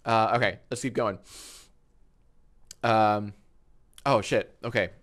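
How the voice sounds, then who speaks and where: A man's voice: on the low side, fairly even intonation, takes it slowly, fairly bright tone. A man in his thirties chatting casually on a live stream, tipsy from wine, rambling, joking and swearing freely from a home studio. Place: home studio with green screen.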